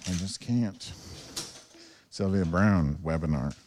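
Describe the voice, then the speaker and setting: A man with a very low, dark, mellow voice rambles through a solo podcast from home. He swears freely and mocks himself, jumping from one gripe to the next. The sound is close and direct from a clip-on wireless mic. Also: slow, slight background noise. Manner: profane, self-deprecating, rambling. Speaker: podcast host. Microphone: wireless lavalier transmitter.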